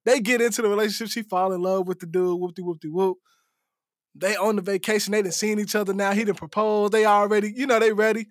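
A man co-hosting a casual podcast chat, retelling scenes in an animated way and acting out the people in them. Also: high-pitched, fast talker, no room sound, clean studio sound. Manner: animated storyteller acting out quotes. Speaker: podcast co-host.

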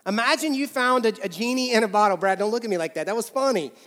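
A pastor, preaching a sermon in a big church in a humorous, conversational way. His voice sits fairly high and he repeats key phrases for emphasis. The sound carries a long reverb from the large hall. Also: quick pace, a bit bright.

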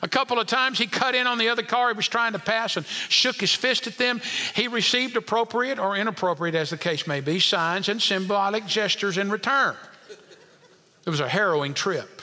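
A male pastor preaching a sermon, dropping to quiet asides and climbing to emphatic points while questioning the congregation. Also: sits high, brisk, long reverb tail.

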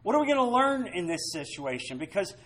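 A man preaching a sermon as pastor, emphatic, swinging between loud stresses and quiet asides. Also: sits high, sing-song, fairly quick, rough recording.

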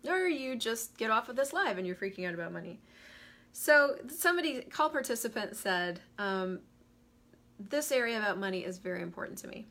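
A woman's voice: on the high side, very animated, brisk, fairly bright tone. A woman hosting a live coaching stream, talking animatedly, laughing and greeting viewers as she goes. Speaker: host of a live money coaching show.

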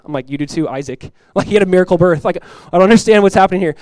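A man preaching in church delivers an energetic sermon, darting into fast asides, laughing, and performing the voices of characters in the story. His voice runs slightly high for a male, and the recording is dry and close with little room around it.

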